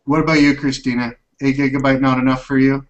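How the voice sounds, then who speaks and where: A man's voice: mid-range voice, level tone, fast talker, rough recording. A man hosting a casual tech podcast, chatty and upbeat, rambling as he talks. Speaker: tech show host.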